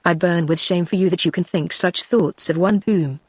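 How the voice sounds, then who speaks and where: A woman's voice: fairly low pitch, normal speed, breathy edge, no room sound. A text-to-speech voice with a British English accent and a woman's sound, reading the lines of a proud, wronged nobleman, a man pleading and defiant in turn. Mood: reproachful. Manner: even synthetic reading.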